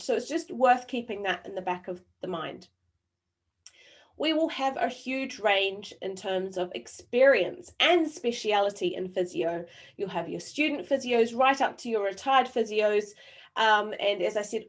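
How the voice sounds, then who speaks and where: A woman from New Zealand whose accent has softened over years abroad, presenting an online training webinar. She talks deliberately with frequent pauses and keeps putting questions to the audience in the chat. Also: medium pitch. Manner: engaging, quizzes the audience through the chat.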